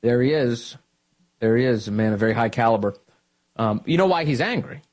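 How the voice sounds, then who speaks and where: A man's voice: mid-range voice, brisk, slight background noise. A man hosting political talk radio, mocking and combative in his commentary. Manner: mocking, combative, animated delivery. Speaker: radio host.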